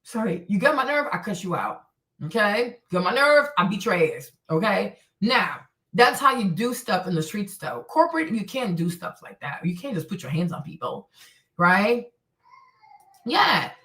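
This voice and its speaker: A woman hosting her own stream, talking in an animated, blunt way with plenty of profanity and repetition. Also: mid-range voice, normal speed. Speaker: show host. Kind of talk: livestream commentary rant. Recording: echoey room, distant from mic.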